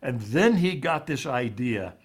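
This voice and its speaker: Halting man recounting a painful story. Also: animated, husky. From raised in Ivory Coast. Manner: halting, repeats words, voice drops low and quiet on painful parts. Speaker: author and interview guest. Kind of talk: personal storytelling in an interview.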